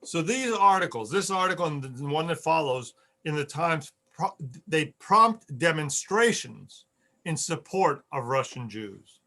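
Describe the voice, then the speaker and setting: A man's voice: a little high, lively intonation, unhurried, pushed and bright. A man giving an online history lecture over a video call, earnest, repeating key words for emphasis.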